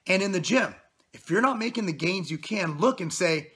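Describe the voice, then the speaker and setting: Man in his thirties, fitness vlogger, blunt profane motivational rant; bright, husky tone. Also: sits high, lively intonation, moderate pace. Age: 30s. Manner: blunt, profane, intense pep talk.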